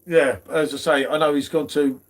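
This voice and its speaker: This middle-aged man hosts a casual beer livestream, chatting with matey banter and dropping "mate" often. His voice is a little high, his intonation fairly even, his pace moderate.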